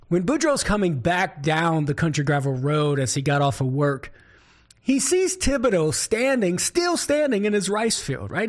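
A man from southern Louisiana with a Cajun accent, hosting a talk show as a Catholic apologist and telling a joke with animated delivery. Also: a little high, moderate pace. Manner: animated storyteller, chuckles often. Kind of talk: scripted talk-show commentary.

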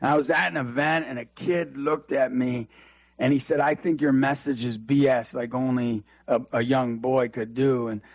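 A man guest telling an energetic, preachy story and acting out the dialogue in it. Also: medium pitch, moderate pace, no room sound. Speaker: youth speaker and guest. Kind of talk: storytelling in a faith talk interview.

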